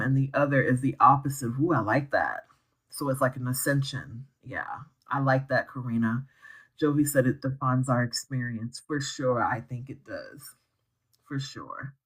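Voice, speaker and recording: A woman's voice: extremely low pitch, moderate pace, rough recording. A woman hosting a live astrology stream, reading out viewer comments in a bubbly, slangy way and laughing easily.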